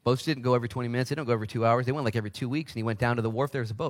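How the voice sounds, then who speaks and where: Animated male pastor preaching. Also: rapid-fire, hardly any pauses. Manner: animated, shifts into high voices for quoted people. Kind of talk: sermon.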